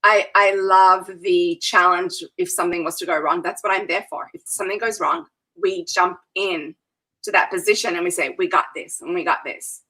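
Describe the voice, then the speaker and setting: A woman who plans weddings and events, telling animated stories in a casual interview and laughing often. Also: lowish voice, normal speed, low-quality recording.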